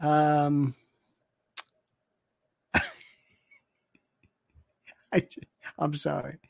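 A man's voice: on the high side, monotone, extremely slow, gravelly, darkish tone, dry recording, studio quality. A man hosting a livestream, talking in a casual, sardonic way and often dropping to a near-whisper. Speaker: livestream host. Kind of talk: casual commentary.

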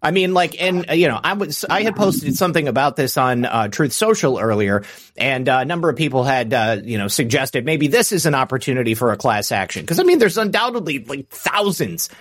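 A man's voice: medium pitch, sing-song, brisk, a bit bright. A man hosting a casual political talk show, rambling with many fillers and restarts. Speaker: host.

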